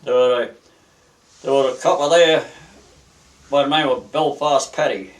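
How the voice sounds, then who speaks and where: An older Australian man, a retired seaman, telling stories in a rambling, halting way with many restarts during an oral history interview. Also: mid-range voice, steady tone, recorded from a distance.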